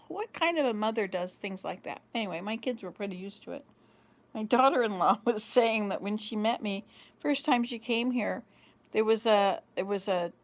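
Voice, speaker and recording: A woman in her fifties hosting a vlog, telling rambling home stories to a small camera with frequent laughter. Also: mid-range voice. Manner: rambling, chatty storyteller who laughs often. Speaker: vlog host. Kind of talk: casual chat to camera.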